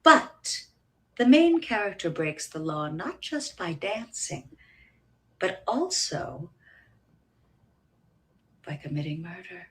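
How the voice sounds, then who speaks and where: A woman delivering comic pitches with deadpan timing. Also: slow pace, long pauses. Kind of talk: comedic pitch reading.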